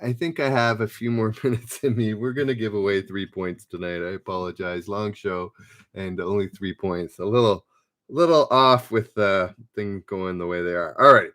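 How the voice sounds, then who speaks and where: A man's voice: fairly low pitch, normal speed, fairly bright tone. A man hosting a live-streamed pub quiz, reading questions aloud and chatting as he calls out players' names. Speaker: trivia quiz host.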